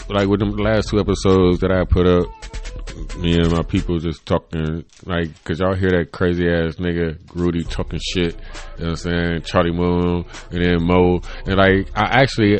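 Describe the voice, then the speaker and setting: Casting note: solo podcast host, thirties, man, low voice, loose and profane, quick laughs, faint music under him. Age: 30s. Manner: rambling, laughs often, swears freely. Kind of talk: casual solo chat. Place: home room.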